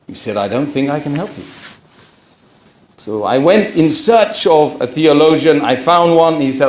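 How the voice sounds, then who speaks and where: A middle-aged man telling a personal story to an audience, acting out what others said and dropping into quiet asides. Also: on the high side. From England. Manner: animated storyteller, acts out quoted voices, drops to quiet asides. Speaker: speaker telling his conversion story. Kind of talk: storytelling talk to a campus audience. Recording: echoey hall.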